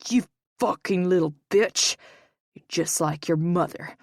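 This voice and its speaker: A woman's voice: fairly low pitch, measured pace, vocal fry, no room sound, studio quality. Woman voicing a snarling drunken brute. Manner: snarling, crude threats. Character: drunk, violent, abusive grown man.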